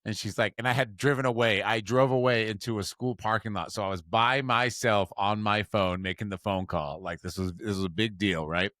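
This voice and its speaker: Animated self-mocking man telling a story. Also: fairly quick, few pauses, no echo, clean studio sound. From Utah. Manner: animated, self-mocking storyteller who jumps into high voices for quotes. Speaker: podcast co-host. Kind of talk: casual storytelling.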